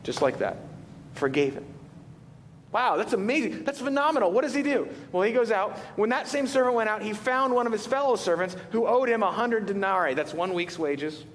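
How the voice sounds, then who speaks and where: Lively high-voiced male preacher in a hall. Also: fairly quick. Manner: animated storytelling preacher, asks the room rhetorical questions. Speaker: pastor. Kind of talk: sermon. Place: church sanctuary. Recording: reverberant hall with faint rumble.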